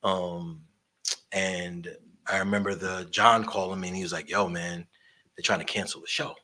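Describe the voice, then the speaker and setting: Bright husky-voiced man telling stories. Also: low voice, moderate pace. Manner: animated, swears freely, acts out quoted voices. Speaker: guest storyteller, concert promoter and barber. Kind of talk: casual storytelling interview.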